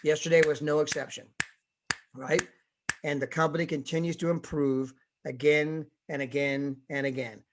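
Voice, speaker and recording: A middle-aged man gives a motivational talk in the style of a sermon, with a voice pitched a bit high. He tells stories, keeps checking in with "right?", and builds to exhorting peaks. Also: steady tone, moderate pace, noisy background. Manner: storytelling with frequent tag questions; exhorting, rising emphasis. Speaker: motivational speaker.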